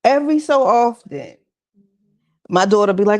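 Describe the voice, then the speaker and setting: A woman's voice: a little high, fairly quick, darkish tone. A woman giving a conversational, encouraging mental health talk at a church session, with casual asides to the audience. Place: church gathering with audience responses.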